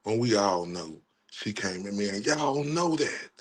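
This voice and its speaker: A man from Texas hosting a livestream, mocking a caller and talking straight to his chat, swinging between loud outbursts and low asides. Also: lively intonation, a little slow, husky, poor audio. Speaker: livestream host. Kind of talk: livestream commentary on a replayed call.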